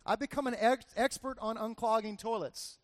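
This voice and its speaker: A man's voice: very high voice, steady tone, normal speed, dry recording. A man in his forties giving a casual, conversational sermon as a pastor, telling personal stories with lots of "like" and "right?" asides.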